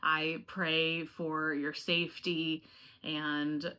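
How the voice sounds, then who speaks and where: A woman's voice: deep voice, little pitch movement, extremely slow, bright, forceful tone, smooth. A woman chatting casually and directly to her viewers in a home review vlog, friendly and rambling. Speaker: home fragrance YouTuber.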